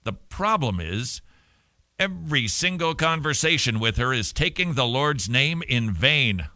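Lively, bright-voiced male radio host. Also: medium pitch, unhurried, dry recording, clean studio sound. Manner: chatty, joking, animated, puts on silly voices. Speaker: radio host answering listener mail. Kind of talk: casual Christian radio talk. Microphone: studio microphone with cover.

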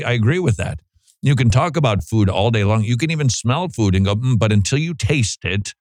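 A man's voice: medium pitch, no echo. A man hosting a Christian radio show, bantering with jokes and then giving earnest pastoral advice to a caller. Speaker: radio host. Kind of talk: casual radio talk and advice.

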